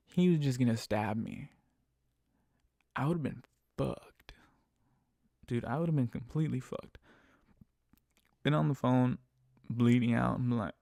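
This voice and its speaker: A young man with a gravelly, dark voice rants bluntly about his rideshare passengers, full of swearing. The sound is close and dry, with no room around it. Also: medium pitch, no room sound. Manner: profane, blunt, ranting. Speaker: rideshare driver. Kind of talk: casual podcast monologue.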